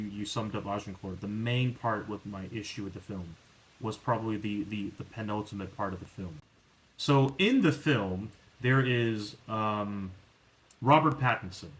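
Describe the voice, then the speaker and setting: On poor audio, a medium-pitched man hosts a podcast in a loose, chatty way. He keeps restarting and using fillers, and his energy rises when something exasperates him.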